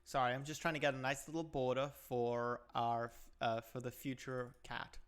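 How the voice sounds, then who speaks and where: A woman's voice: rumbling low, little pitch movement, moderate pace. An Australian woman co-hosting a stream, cracking dry jokes and muttering to herself as she works. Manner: dry jokes, muttering while working on screen. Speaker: stream co-host. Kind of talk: casual chat.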